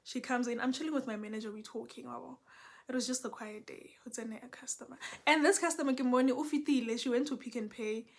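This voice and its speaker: A young South African woman, a Setswana speaker, telling a story in a casual, animated way with lots of code-switching. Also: fairly high pitch, fast talker.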